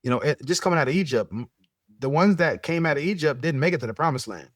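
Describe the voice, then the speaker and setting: Quick, stumbling podcast host. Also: male voice, a little high, expressive, no echo. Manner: rapid, full of restarts, chuckling. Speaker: show host. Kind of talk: casual podcast debate.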